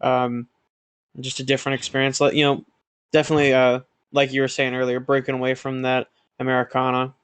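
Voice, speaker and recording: A man co-hosting a podcast in casual chat, joking crudely and pausing on fillers. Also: mid-range voice, completely flat delivery, fairly bright tone, clear, resonant tone, no room sound. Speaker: podcast co-host.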